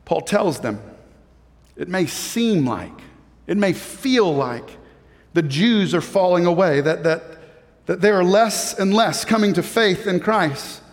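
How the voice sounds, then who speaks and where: A high-pitched male pastor delivers a sermon, rising into emphatic stretches and doubling words as he thinks aloud. His voice rings out with a long reverb, as in a large church hall. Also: lively intonation, takes it slowly. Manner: preaching with rising emphasis, frequent repeated words.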